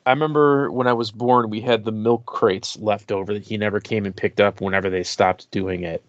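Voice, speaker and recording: A man with a mid-pitched voice chats casually as a podcast co-host, tossing in dry jokes. The recording is dry and a little dull. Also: steady tone, a little fast, no room sound. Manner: dry jokey asides. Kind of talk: casual chat.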